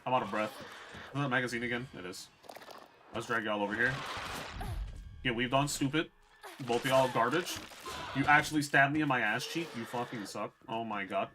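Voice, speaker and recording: A man's voice: medium pitch, moderate pace, long pauses, background noise. A man streaming a game, chatting casually and profanely to his viewers. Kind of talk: casual gameplay commentary.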